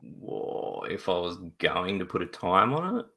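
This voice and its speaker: Male guest: low, raspy, bright-edged voice; laughing, animated storyteller on a video call. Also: unhurried. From Australia. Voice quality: deep gravelly voice. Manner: laughs often, acts out voices in his stories. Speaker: interview guest, father. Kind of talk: casual storytelling in a live video interview.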